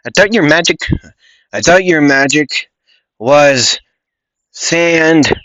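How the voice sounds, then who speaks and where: A man's voice: a little high, expressive, slow pace, bright, forceful tone, no room sound, dull audio, pitched above the performer's own voice, full character voice. A man voicing a fierce young woman fighter in a fan story, taunting and brash.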